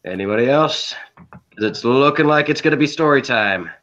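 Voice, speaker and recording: A man's voice: mid-range voice, expressive, moderate pace, a bit bright. A man hosting a casual group chat, running a vote with joking, playful asides. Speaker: host. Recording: dull lo-fi audio.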